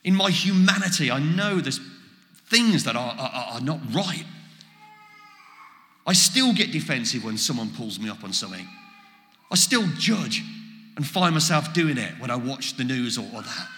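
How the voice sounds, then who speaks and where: A man preaching a sermon, animated, acting out quoted exchanges as he goes. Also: mid-range voice, moderate pace, long pauses, soft background music. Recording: echoey hall with long reverb.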